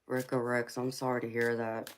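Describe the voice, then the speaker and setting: A woman's voice: extremely low pitch, flat delivery, normal speed, a little hiss or hum. A woman with a Southern Georgia accent hosting a live chat, answering viewers affectionately with sweetheart and honey while getting over a cold. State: fighting a cold. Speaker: tarot livestream host. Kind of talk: casual live chat reading comments.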